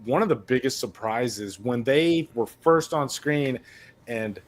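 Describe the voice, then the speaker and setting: A man's voice: mid-range voice, expressive, slow. Earnest rambling man from Mississippi. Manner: rambling, repeats words, earnest. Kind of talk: casual movie discussion.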